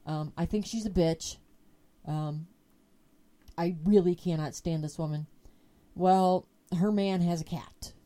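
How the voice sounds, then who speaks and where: A woman's voice: lowish voice, slow pace, long pauses. Profane, chatty woman podcast host. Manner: profane, animated storyteller. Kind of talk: casual storytelling chat.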